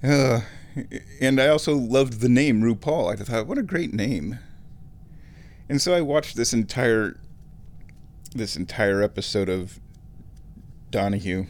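Slow, rambling man from Nebraska. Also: medium pitch. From Omaha, Nebraska, USA. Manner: rambling and nostalgic, chuckles often, clears throat. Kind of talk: casual monologue.

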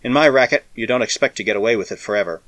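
A man's voice: mid-range voice, rapid-fire, a bit bright, no echo, natural voice. A man reading aloud and voicing a weary, battered male spacer who talks harshly and urgently. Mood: bitter.

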